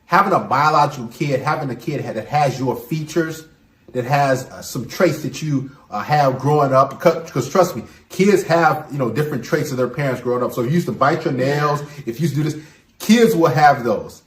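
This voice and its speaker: A man's voice: medium pitch, normal speed, roomy sound. A man hosting his own channel, giving emphatic, preachy advice in a monologue to the camera. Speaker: channel host.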